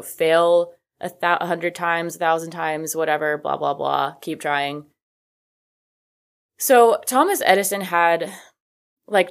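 Woman vlogger, casual storytelling, lowish pitch, filler-heavy, swears casually, corrects herself mid-thought. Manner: chatty, frequent "like" fillers, casual swearing, self-correcting asides. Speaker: video host.

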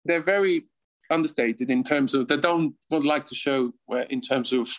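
Poor audio carries this man's high-leaning voice at a normal speed. A former footballer from Switzerland in his fifties, he speaks with a Swiss accent as an interview guest, casually storytelling, chuckling often and restarting his rambling sentences.

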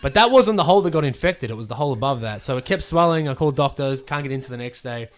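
On a casual podcast, this pro wrestler spins a tale in rapid-fire bursts at a medium pitch. He curses freely and throws himself into performing each quoted line.

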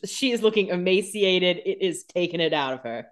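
Woman cohost tossing in jokes, bouncy lively pitch. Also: moderate pace. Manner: chimes in with joking quips and frequent laughs. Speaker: podcast co-host. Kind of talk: casual chat.

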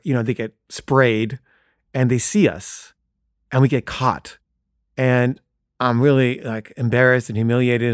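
A man's voice: mid-range voice, darkish tone, no echo. Man spinning a self-deprecating true story, loose and chatty, dry close sound. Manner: casual, self-deprecating, frequent "like" fillers. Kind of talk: comic personal storytelling.

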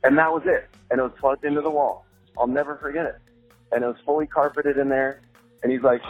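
A man telling a story in a casual, animated way, laughing as he goes and swearing freely. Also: medium pitch, a little fast. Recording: tinny phone-like sound with faint music.

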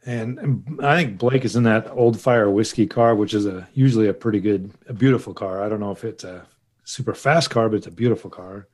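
A man co-hosts a casual podcast chat, speaking hesitantly with lots of restarts and fillers. His voice is lowish and darkish in tone, and his pace is brisk.

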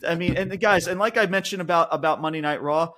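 A man co-hosting a wrestling podcast, ranting and swearing in casual chat, going from loud outbursts to quiet mutters. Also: a little high, fast talker. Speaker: podcast co-host.

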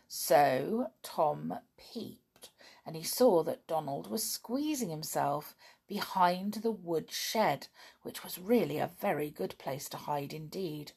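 A woman reading a children's story aloud, in an expressive, unhurried way. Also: low-pitched, creaky, slightly rough.

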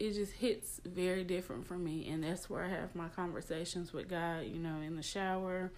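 A woman's voice: lowish voice, darkish tone, slight background noise. A young adult woman hosting a personal podcast, talking in a confiding, emotional way with many fillers. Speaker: podcast host. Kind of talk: casual personal podcast talk.

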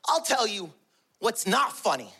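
A man voicing an angry middle-aged mother who scolds her husband in a shrill, shouting, sarcastic way. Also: sing-song, measured pace, gravelly, husky, heavily acted. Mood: furious sarcastic.

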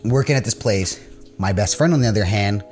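A man's voice: on the low side, a little fast, darkish tone. Blunt, rambling man with faint music behind. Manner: rambling, full of "like" fillers, blunt and profane. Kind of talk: casual storytelling chat.

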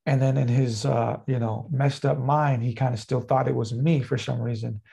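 A man tells a personal story in a loose, rambling way, leaning on fillers as he goes. His voice is gravelly and husky. The tone is dark and mellow. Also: medium pitch, steady tone, moderate pace. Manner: rambling, heavy use of fillers like "like" and "uh". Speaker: podcast guest. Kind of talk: casual storytelling.

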